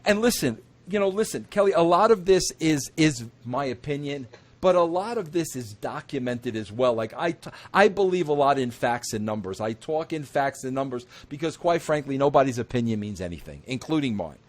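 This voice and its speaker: A man hosting an interview, talking in an emphatic, repetitive way that climbs into excited outbursts. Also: medium pitch, normal speed. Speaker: interview host. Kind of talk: opinionated wrestling talk.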